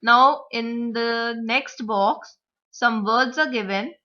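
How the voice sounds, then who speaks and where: A woman teacher explaining vocabulary, word stress and grammar, repeating example words slowly to model the stress. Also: fairly high pitch, bright, forceful tone. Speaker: English teacher. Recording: dull lo-fi recording.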